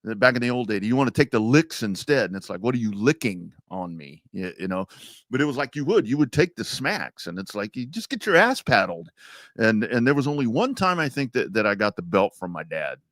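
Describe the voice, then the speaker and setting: A man co-hosting a sports talk show, chatting in a relaxed way and telling a school memory with many restarts. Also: on the low side, a little fast, no room sound, clean studio sound. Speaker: sports talk radio co-host. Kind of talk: casual talk show banter.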